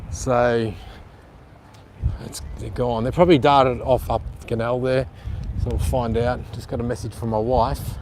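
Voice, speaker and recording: Aussie guy live streaming outside, chatty and excitable, bit of traffic noise behind. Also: mid-range voice, a little slow. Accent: Australian. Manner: excitable, rambling, chatty to viewers. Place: outdoors by a canal on a scooter. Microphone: handheld camera with plug-in mic.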